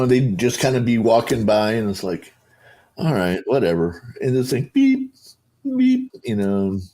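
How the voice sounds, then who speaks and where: A man's voice: medium pitch, normal speed. A middle-aged man on a panel talk, telling a rambling story with lots of fillers and acting out the other people's voices as he goes. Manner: rambling, animated, acts out voices in his retelling. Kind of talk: casual storytelling on a video call panel.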